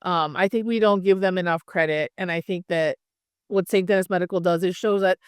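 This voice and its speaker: A woman's voice: lowish voice, fairly even intonation, fairly quick, clean tone, dry recording, clean studio sound. A woman from Hawaii, an actress, chatting casually in an interview with lots of "like" and "um". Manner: friendly, chatty, many fillers like "like" and "um".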